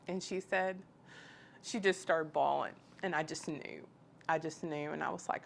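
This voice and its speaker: A woman's voice: sits low, fairly even intonation, moderate pace, gravelly, a little hiss or hum. A woman telling her personal faith story in an earnest, emotional, conversational way. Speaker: guest sharing her testimony.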